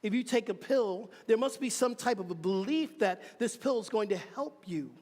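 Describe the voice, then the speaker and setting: A man giving a sermon as reverend, telling animated personal stories with chatty asides to the congregation. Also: high-pitched, normal speed. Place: church hall. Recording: reverberant hall.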